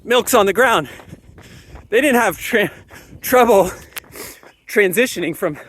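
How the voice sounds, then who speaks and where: High-voiced man on an emphatic rant. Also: slow, a little hiss or hum. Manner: animated, emphatic, repeats phrases for effect. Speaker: parenting commentator. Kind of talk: solo ranting monologue to camera.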